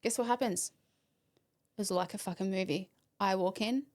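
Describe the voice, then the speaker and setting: A woman's voice: medium pitch, moderate pace. A young woman hosting a podcast, telling a story animatedly, swearing freely and acting out the voices in it. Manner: animated, swearing, acts out voices in her stories. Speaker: podcast host. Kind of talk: casual storytelling chat.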